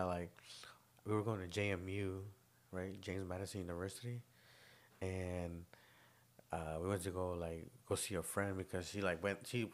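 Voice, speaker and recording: A young man co-hosting a podcast, telling rambling stories in casual chat with lots of slang and laughter. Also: low voice. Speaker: podcast co-host.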